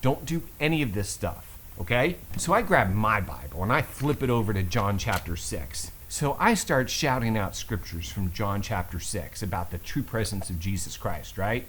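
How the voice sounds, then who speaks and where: A middle-aged man telling a story to camera, expressive and swinging between low asides and loud exclaims. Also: normal speed, hardly any pauses, a little hiss or hum, rough recording. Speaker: Catholic vlogger.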